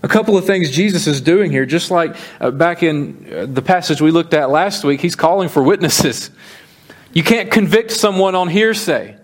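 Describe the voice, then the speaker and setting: High-pitched guy preaching, earnest, slows down for the big points. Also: animated. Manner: earnest preaching, slows for emphasis, acts out dialogue. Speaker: pastor. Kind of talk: sermon.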